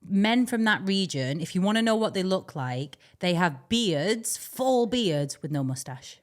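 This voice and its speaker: A woman's voice: mid-range voice, expressive, unhurried. A young woman, co-hosting a podcast in casual, rambling chat and laughing often. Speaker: podcast co-host.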